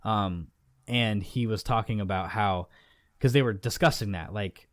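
A man's voice: lowish voice, measured pace, no room sound, clean studio sound. Rambling man on a podcast. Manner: rambling, many restarts and fillers. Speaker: podcast co-host. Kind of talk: casual chat.

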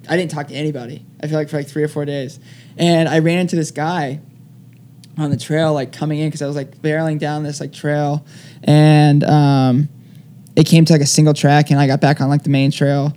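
A young man tells his story in a loose, rambling way, filling every pause with "like" and "um." His voice sits a little high for a man. The tone is soft and mellow. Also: a little hiss or hum. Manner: rambling, heavy use of "like" fillers. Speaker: guest. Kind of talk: casual storytelling interview.

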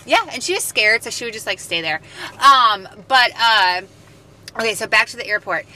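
An American woman telling stories in a casual podcast chat, chatty and animated. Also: fairly high pitch, normal speed. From United States. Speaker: podcast co-host.

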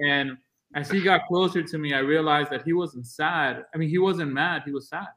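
Male podcast guest, slightly higher voice, blunt, lively storyteller. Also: moderate pace, crowd noise. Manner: blunt, animated storyteller acting out dialogue. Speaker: podcast guest, real estate agent. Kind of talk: casual interview storytelling.

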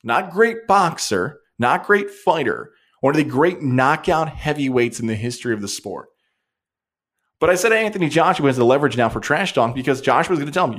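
A man hosting a sports talk show, giving an opinionated, animated monologue. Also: medium pitch. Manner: opinionated, animated, rapid swings. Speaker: sports radio host.

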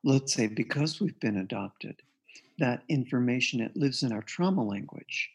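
A man with a husky, slightly breathy voice at a mid pitch tells a client's story in an interview. He speaks earnestly and acts out the lines from the session as he goes. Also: animated, normal speed. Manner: earnest, recounts a client case with quoted dialogue. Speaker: guest author and therapist.

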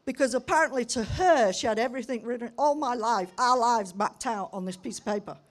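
Higher-voiced older woman preaching. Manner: lively storytelling with humour and emphatic pauses. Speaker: pastor. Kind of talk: sermon.

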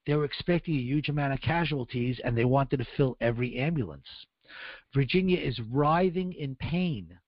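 A man's voice: medium pitch, animated, moderate pace, no echo, dull audio. A man speaking on the radio, telling his story in the first person and voicing the people in it. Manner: earnest, acts out dialogue in raised voices. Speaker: guest recounting survival.

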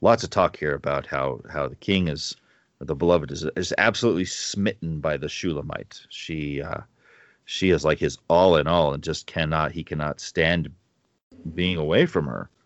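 Deep-voiced man musing on scripture. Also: dry recording, lo-fi sound. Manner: reflective, halting with many restarts. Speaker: co-host of a Bible study podcast. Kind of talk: casual Bible discussion.

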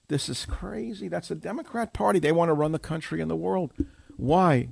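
A man's voice: fairly high pitch, moderate pace, creaky, darkish tone, no room sound, studio quality. A man from New York hosting a radio talk show, combative and mocking, firing off rhetorical questions.

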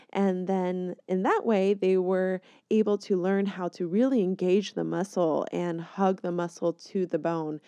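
A woman who trains yoga teachers explains her methods in an encouraging tone. Her voice is slightly low, mellow and smooth, and the recording is dry and close. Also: dry recording.

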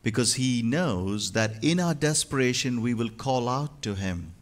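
A man's voice: mid-range voice, expressive, a little slow. Man preaching a dynamic sermon. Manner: dynamic, swings from hushed to loud and emphatic. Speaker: pastor.

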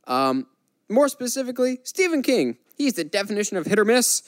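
A man co-hosting a casual chat show, animated and joking with quick asides. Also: high voice, no room sound. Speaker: podcast co-host.

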